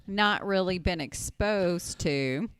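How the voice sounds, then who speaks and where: A woman with a smooth, clear, slightly low voice hosts a casual podcast, guiding the talk toward a close. Her sound is dry and close to the mic. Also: slow, no room sound. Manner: steers the talk, wraps things up. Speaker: podcast host.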